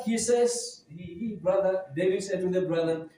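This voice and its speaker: A man preaches a sermon, retelling a Bible story with drama in a very high, mellow voice. He is recorded in a church hall with heavy echo, and the mic sits well away from him. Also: moderate pace, recorded from a distance. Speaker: pastor.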